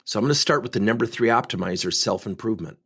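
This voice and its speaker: A man's voice: fairly low pitch, quick pace, vocal fry, husky. A man coaching on sales, telling a story and acting out the people in it. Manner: animated, acts out quoted voices. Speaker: sales coach, podcast host. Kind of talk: storytelling talk.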